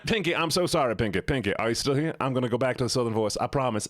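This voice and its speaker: A man's voice: medium pitch, animated, rapid-fire, few pauses, no room sound, studio quality. A man streaming as a VTuber, chatting casually with his viewers in a rambling, joking, self-mocking way.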